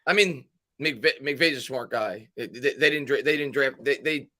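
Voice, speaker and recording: A man hosting a live sports stream. He reads viewer comments aloud and adds his own loose takes, full of hesitant fillers. His voice is bright and forceful. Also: medium pitch, normal speed. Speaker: host.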